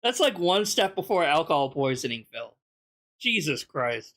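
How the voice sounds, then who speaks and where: A man's voice: a little high, very animated, normal speed, fairly bright tone. A man hosting a reaction video, commenting with scornful, profane sarcasm.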